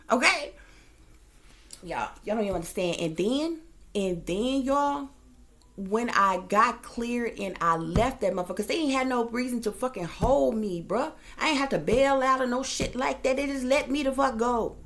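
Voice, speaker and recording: A woman's voice: on the high side, animated, moderate pace, a bit bright. A woman host telling a story to her viewers in a casual, heated rant, profane and emphatic. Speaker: psychic reader and channel host.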